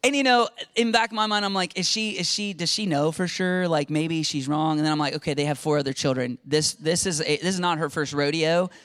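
A middle-aged male pastor telling a story in a conversational, animated sermon, often repeating his words. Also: on the high side, a little fast, few pauses, smooth, no echo.

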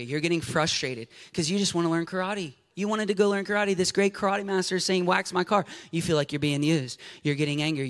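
A man preaching an animated, jokey sermon to a congregation, acting out scenes with a volunteer from the audience. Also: fairly high pitch, clear, resonant tone. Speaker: pastor. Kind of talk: lively sermon with audience interaction. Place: church sanctuary before a congregation.

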